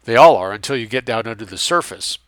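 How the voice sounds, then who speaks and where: A man voicing an older, abrasive American bureaucrat with a flat, nasal New York accent and a blunt, needling way of questioning. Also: mid-range voice, quick pace, smooth, no room sound, lightly acted.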